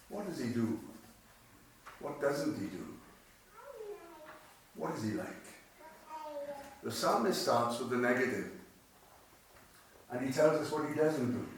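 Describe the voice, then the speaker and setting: A man preaching a sermon in a chapel, conversational and emphatic, repeating phrases and asking rhetorical questions. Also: medium pitch. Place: cemetery chapel. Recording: echoey chapel, distant mic, faint noise.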